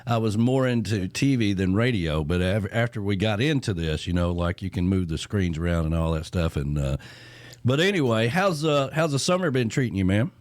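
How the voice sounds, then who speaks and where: A man's voice: on the low side, expressive, normal speed, no echo. A man hosting a radio show in a casual, laid-back chat, peppered with "you know". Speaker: radio host.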